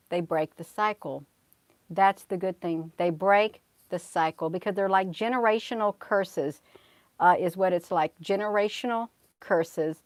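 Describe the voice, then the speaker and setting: A woman's voice: fairly low pitch, no room sound. A middle-aged woman telling a spiritual story in a casual, earnest way. She often repeats herself and restarts her sentences, and she turns preachy and prayerful. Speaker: channel host.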